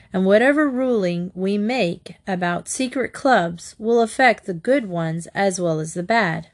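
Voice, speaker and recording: Woman, storybook narrator, measured and clear, mid pitch. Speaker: audiobook narrator.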